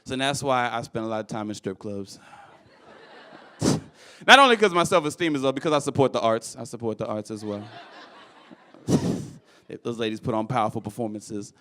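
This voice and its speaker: Young male stand-up comic, bright and clear voice, animated, stage mic. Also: moderate pace, long pauses. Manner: animated, acts out characters with shouted high voices. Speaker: stand-up comedian. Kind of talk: stand-up comedy set. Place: comedy club stage. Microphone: handheld stage mic.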